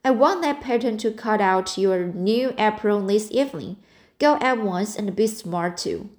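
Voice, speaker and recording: A woman reading the part of a stern, practical older spinster in an audiobook, in a brisk, scolding manner. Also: medium pitch, a little mellow, natural voice.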